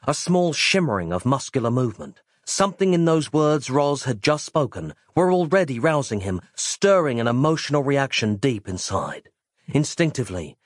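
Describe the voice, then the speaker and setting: A man giving an expressive, playful reading of a comic story, as its narrator. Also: mid-range voice, no room sound, studio quality. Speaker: audiobook narrator.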